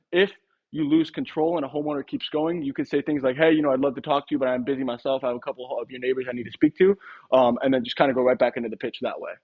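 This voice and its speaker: A man's voice: a little high, lo-fi sound. A young man teaching a sales method in a casual instructional talk, now and then acting out short sample dialogues. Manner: casual, quick, acts out little sample dialogues. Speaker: sales trainer.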